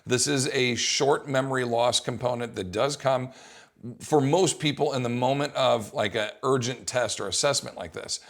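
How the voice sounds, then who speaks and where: A young adult man coaching fitness, explaining an exercise test in a casual, lively way. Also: mid-range voice, normal speed, vocal fry. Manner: casual, animated, acts out coaching calls. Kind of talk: instructional talk.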